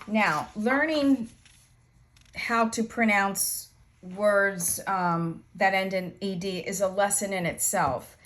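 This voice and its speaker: A woman teaching an English grammar lesson, explaining slowly and patiently with repeated examples. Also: mid-range voice.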